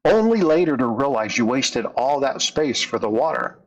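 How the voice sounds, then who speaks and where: A man doing a gentle old grandfather. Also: medium pitch, very animated, moderate pace, low-quality recording. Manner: soft, patient, fond. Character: gentle, wise old grandfather telling history.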